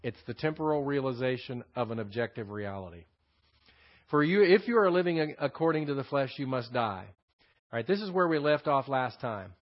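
A man's voice: medium pitch, animated, moderate pace. A man with a Texan accent teaching a Bible passage as a pastor. He explains the Greek words and repeats his key phrases. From Texas. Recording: dull lo-fi sermon recording.

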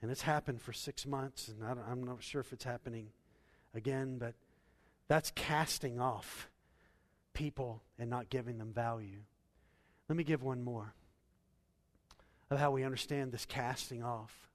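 A man preaching a sermon as pastor, swinging from loud emphatic bursts to hushed endings. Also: medium pitch, fairly even intonation, unhurried, long pauses, in a large hall.

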